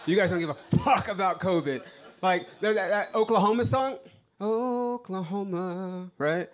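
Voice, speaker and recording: A man's voice: high-pitched, animated, moderate pace. A man doing a brash, profane stand-up set on a club stage, ranting to the crowd. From Los Angeles. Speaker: stand-up comedian.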